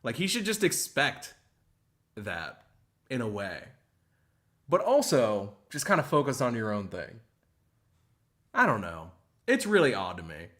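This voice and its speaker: A man hosting a live stream, reacting to a clip with emphatic commentary and shout-outs to the chat. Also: medium pitch, unhurried, pauses often. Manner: animated, emphatic, reads out chat.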